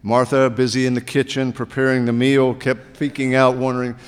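A male pastor giving a sermon, telling stories in a relaxed, conversational way. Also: mid-range voice, brisk, hardly any pauses, clear, resonant tone. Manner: conversational storytelling preaching. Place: church sanctuary. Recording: long reverb of a church hall.

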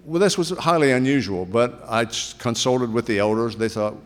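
A male pastor giving a sermon, telling stories in a relaxed, conversational way. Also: medium pitch, normal speed, soft background music. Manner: conversational storytelling preaching. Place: church sanctuary. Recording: long reverb of a church hall.

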